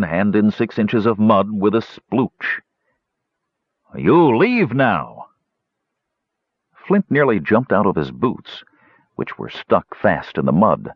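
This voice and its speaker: A man narrating a fantasy audiobook in an expressive, measured storytelling voice. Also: lowish voice, slightly rough, dry recording. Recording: dull lo-fi, dry audio.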